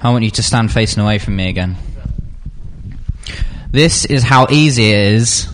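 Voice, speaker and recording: A man's voice: fairly low pitch, moderate pace, a little hiss or hum. A young man giving an informal sermon to a youth group, chatty and full of fillers, jumping into acted-out scenes. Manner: chatty, filler-heavy, animated when acting out scenes. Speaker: youth speaker.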